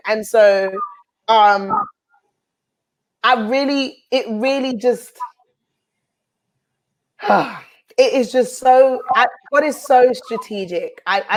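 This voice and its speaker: A woman's voice: fairly high pitch, poor audio. A woman host and minister sharing a heartfelt personal testimony with an earnest, preaching cadence.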